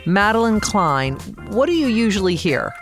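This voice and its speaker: A woman from Colorado hosting a podcast, reading a scripted season wrap-up in a measured, appreciative way. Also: medium pitch, sing-song, soft background music. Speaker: podcast host.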